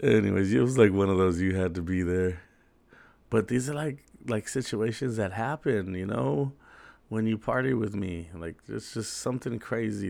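A man's voice: on the low side, gravelly, dry recording. A man hosting, telling rambling stories in a laid-back, slangy, casual way. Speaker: host. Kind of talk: casual storytelling monologue.

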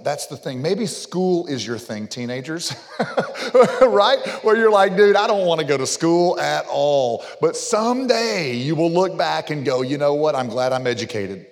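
Middle-aged male pastor, lively joking story sermon, medium pitch, long hall echo. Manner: animated joking storyteller, gets loud on punchlines. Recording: long reverb of a large hall.

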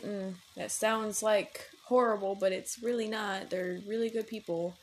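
A woman's voice: mid-range voice, steady tone, unhurried, hardly any pauses, slight background noise. Rambling, swearing young woman podcaster. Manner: rambling, swears freely, many fillers and restarts. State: headache, distracted while playing a game. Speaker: podcast host. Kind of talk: casual chat.

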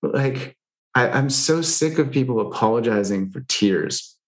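A man's voice: mid-range voice, expressive, unhurried. A man talking candidly in casual conversation, loose and frank, with lots of fillers and the odd swear.

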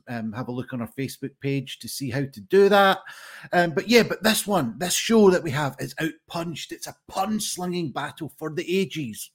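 A man hosts an online pun battle, talking in a loose, rambling way and filling gaps with ums. His voice sits a little high for a man. He speaks into a video call. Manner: chatty and rambling, with frequent ums. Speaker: game show host. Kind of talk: hosting a live-streamed pun contest.

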